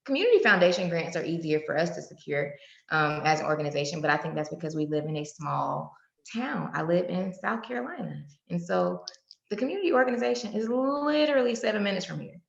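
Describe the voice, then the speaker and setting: A woman with a gravelly voice hosts a candid interview over a video call. She is frank and playful and acts out callers in a quick back-and-forth, and the sound is dull and lo-fi with a roomy echo. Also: fairly low pitch. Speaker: podcast host, nonprofit founder. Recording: echoey room, dull lo-fi audio.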